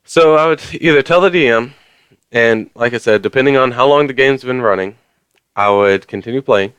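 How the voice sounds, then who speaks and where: A vlogger delivers a casual, rambling rant to camera, heavy on fillers and sprinkled with mild swearing. His mid-range voice is a bit bright and clean, at a moderate pace, in a dry recording.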